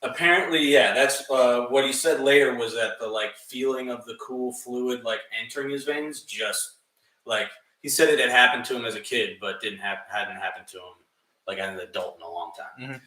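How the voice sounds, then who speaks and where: A young man co-hosts a casual podcast and tells a story with animation and a lot of swearing, laughing as he goes and putting on other people's voices. His voice sounds bright and forceful. He sits a little away from the mic, and the room is echoey. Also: medium pitch, normal speed, distant mic. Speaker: podcast co-host.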